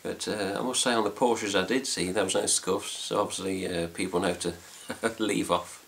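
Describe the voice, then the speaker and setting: A man's voice: low-pitched, steady tone, moderate pace, vocal fry, fairly bright tone, slight background noise. A man with an English accent chatting casually to camera about a trip, rambling with fillers and mild swearing. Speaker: fan site vlogger. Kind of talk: casual chat.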